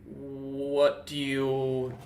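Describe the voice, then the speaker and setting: A man's voice: medium pitch, monotone, a little mellow, slight background noise, voice pushed down. A man voicing a dim-witted, docile male Dragonborn captive who answers bluntly and takes everything literally, in a tabletop game. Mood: blank, literal. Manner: blunt, literal-minded, slow questions.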